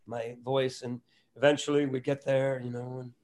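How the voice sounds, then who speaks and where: A man's voice: medium pitch, little pitch movement, moderate pace, darkish tone. A middle-aged man, a comedian and impressionist, talking animatedly and self-deprecatingly in an interview. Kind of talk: casual interview talk.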